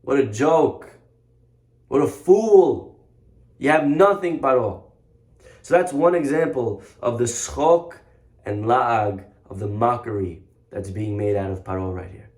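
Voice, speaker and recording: A rabbi giving a lively sermon, telling a story with mocking humor and dramatic emphasis. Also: male voice, mid-range voice, unhurried. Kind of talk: animated sermon.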